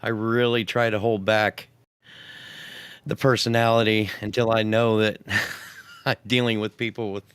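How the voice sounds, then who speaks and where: A man with a bright, crisp voice tells stories in a lively, joking manner during a podcast chat. The sound is dry and close. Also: lowish voice, measured pace, pauses often, no room sound. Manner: animated, jokey, puts on voices. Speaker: podcast host. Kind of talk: casual chat, storytelling.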